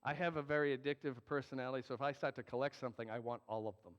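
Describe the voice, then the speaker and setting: A man's voice: mid-range voice, steady tone, very fast. A man preaching as a pastor, earnest and emphatic with joking asides. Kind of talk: sermon. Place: church sanctuary. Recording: dull, long hall reverb.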